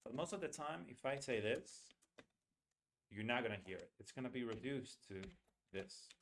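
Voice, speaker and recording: A man's voice: mid-range voice, expressive, gravelly, slight background noise. A man teaching an English pronunciation lesson, reading short lines aloud and repeating phrases to show how words get reduced. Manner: slows down to spell out sounds.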